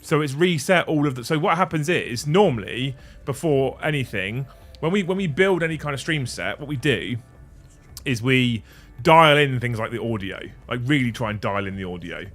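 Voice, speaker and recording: Fiddling with his audio settings, a livestream host curses freely in casual stream chat. His mid-range voice is animated and fairly bright at a moderate pace, picked up by a studio mic on a desk mixer with faint music behind.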